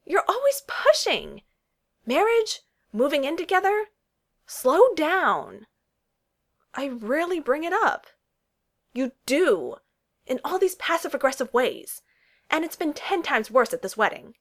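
A woman reading a story aloud and voicing a young woman who speaks in sharp, emphatic outbursts. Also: high-pitched, expressive, a little fast, few pauses, voice pushed up. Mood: angry, exasperated. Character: young woman, fiery and exasperated.

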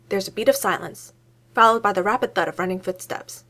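A woman narrating a story aloud in an expressive reading voice. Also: mid-range voice, brisk.

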